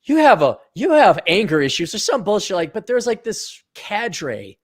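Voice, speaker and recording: A man's voice: sits high, very animated, moderate pace. An American man hosting a casual stream chat, sarcastic and teasing, swearing freely as he banters with his guest. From United States. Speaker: livestream host reading donations.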